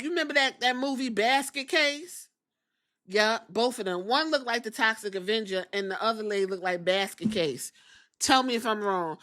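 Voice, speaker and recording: A woman hosting a wrestling review podcast, chatting casually in an animated, profane way and laughing often. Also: medium pitch. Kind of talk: casual chat.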